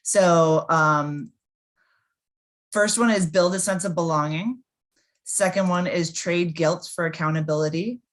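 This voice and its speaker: A woman with a fairly low voice guides the conversation. She calmly reads items from a list, one by one. Her delivery stays steady and unhurried. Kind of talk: casual conversation.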